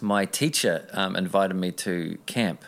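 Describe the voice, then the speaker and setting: Casting: New man, low gravelly voice, earnest rambling storyteller. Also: a little slow, fairly bright tone. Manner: earnest, rambling, with many restarts. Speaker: interview guest. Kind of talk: casual personal storytelling.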